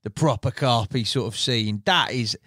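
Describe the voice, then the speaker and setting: A man hosting a podcast interview, reacting with quick chatty asides, on a studio mic. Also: medium pitch, bright, forceful tone, no echo. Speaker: podcast host. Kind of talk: casual interview chat.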